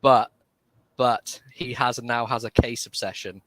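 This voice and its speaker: A man with a British accent co-hosting a livestream, playful and quick to laugh in casual banter over a video call. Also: mid-range voice, fairly even intonation, a bit bright, no echo. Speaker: co-host.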